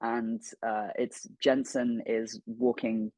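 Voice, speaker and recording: A man, a guest voice actor, telling a lively personal anecdote on an interview stream, swearing freely and acting out the dialogue. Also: mid-range voice, slow pace, creaky, no room sound, poor audio. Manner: animated, swears freely, acts out quoted dialogue. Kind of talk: storytelling anecdote.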